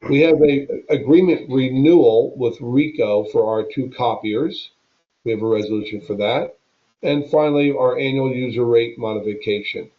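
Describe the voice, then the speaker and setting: A man's voice: mid-range voice, normal speed. A man reading his monthly report at a public meeting, listing items one by one. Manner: lists items plainly. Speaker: staff member giving monthly report. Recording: dull lo-fi meeting audio.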